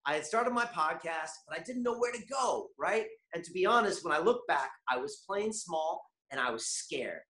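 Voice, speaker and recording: A man hosting a motivational online masterclass, energetic and constantly asking his viewers questions. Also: fairly high pitch, normal speed, hardly any pauses, reverberant. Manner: animated, keeps asking the chat audience questions. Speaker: webinar host.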